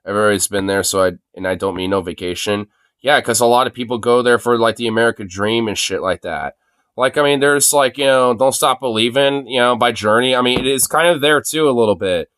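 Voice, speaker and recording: Laid-back rambling man with a smooth voice. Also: medium pitch, fairly quick, fairly bright tone, no echo. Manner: rambling, laughs often, swears freely. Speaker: streamer host reacting to videos. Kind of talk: casual reaction chat.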